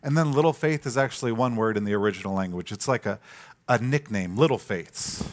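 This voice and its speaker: Animated male preacher retelling a story. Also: on the low side, brisk. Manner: animated storytelling, acts out quoted lines. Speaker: pastor. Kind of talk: sermon.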